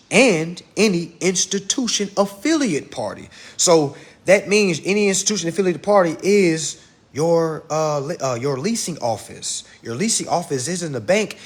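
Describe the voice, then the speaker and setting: A man giving a casual livestream lesson, blunt and profane, talking fast and addressing his viewers directly. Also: a little high, husky. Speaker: online instructor.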